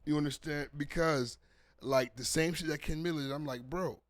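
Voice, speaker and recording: A man guesting on a casual podcast, animated and swearing as he chimes in. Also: fairly high pitch, normal speed, no room sound, studio quality. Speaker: guest comedian.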